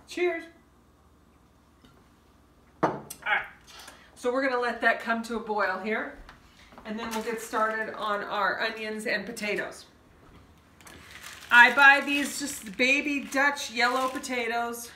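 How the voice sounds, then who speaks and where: A woman's voice: a little high, pushed and bright, a little hiss or hum. A woman hosting a home cooking show, talking in a chatty, folksy way as she walks through each step. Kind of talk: casual cooking demonstration. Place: home kitchen. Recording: echoey kitchen, mic a bit far off.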